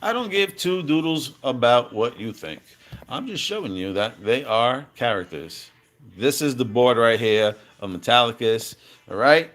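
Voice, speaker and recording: A man giving excited, slangy commentary over cartoon clips, repeating himself and calling out to viewers. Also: medium pitch, unhurried. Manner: hyped, slangy, repeats phrases, calls out "baby" and "fam". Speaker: crypto commentator.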